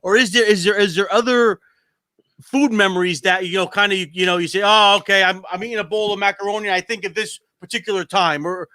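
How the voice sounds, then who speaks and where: A man hosting an interview, asking halting questions with many restarts and repeated words. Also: high voice, fairly even intonation, bright, forceful tone, no echo, clean studio sound. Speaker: host. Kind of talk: casual interview chat.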